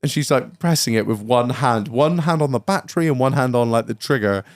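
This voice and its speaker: A man telling a long, swearing-laden story on a podcast, jumping into high voices for the people he quotes. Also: fairly quick. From England. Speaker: podcast co-host. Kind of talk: casual storytelling chat.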